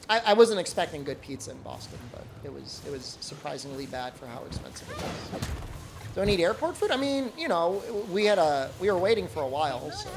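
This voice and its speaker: A man's voice: on the high side, big pitch swings, brisk, vocal fry, background noise. A man streaming a game, chatting casually and jokingly, rambling with lots of "like" fillers. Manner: rambling, heavy use of "like", joking. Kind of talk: casual chat while gaming.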